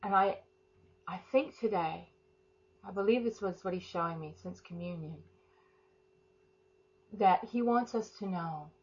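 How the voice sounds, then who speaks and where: A woman leading an informal devotional talk and prayer, soft and fervent, rambling with many restarts. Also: on the low side, unhurried, long pauses, slightly rough. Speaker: prayer and teaching leader. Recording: slightly dull lo-fi sound.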